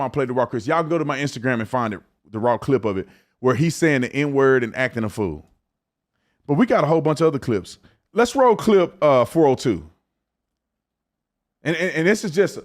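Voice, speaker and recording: A man hosting his podcast, giving casual commentary in an emphatic, colloquial way with stumbling restarts. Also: fairly high pitch. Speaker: podcast host.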